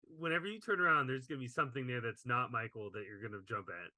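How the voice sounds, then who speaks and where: A young man chats about movies on a podcast, relaxed and opinionated, tossing out questions to his co-host. His tone is bright and edgy, recorded close and dry. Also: medium pitch, fast talker, dry recording. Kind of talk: casual movie review chat.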